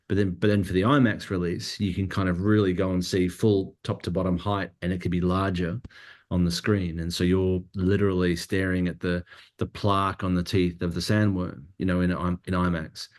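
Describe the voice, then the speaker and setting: A man with a notably low voice answers interview questions in an easygoing, conversational way. He thinks out loud, doubling back on his words as he goes. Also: normal speed. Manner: relaxed, thinking aloud with many restarts. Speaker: cinematographer guest.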